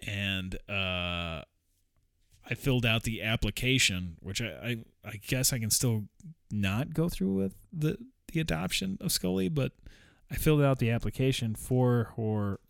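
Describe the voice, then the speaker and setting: A man with a low voice chats casually, rambling and swearing freely, often breaking into chuckles. The sound is dry and close, with no room echo. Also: expressive, measured pace, vocal fry. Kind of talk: casual vlog chat.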